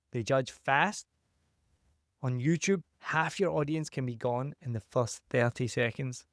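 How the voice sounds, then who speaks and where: A man's voice: mid-range voice, no echo, studio quality. A man hosting a solo podcast, giving direct, emphatic advice in a punchy, opinionated way. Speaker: podcast host and consultant.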